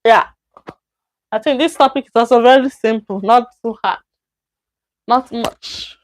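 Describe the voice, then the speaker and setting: A woman with a Nigerian accent teaching a live-streamed Chinese grammar lesson, patiently explaining and repeating example sentences slowly, sometimes acting out short dialogues. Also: fairly high pitch.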